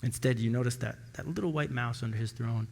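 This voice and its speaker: A man preaching a sermon as pastor, telling stories and acting out the dialogue with lively shifts of voice. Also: fast, gravelly. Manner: storytelling, acting out dialogue with rising pitch. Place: church sanctuary. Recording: long church hall reverb.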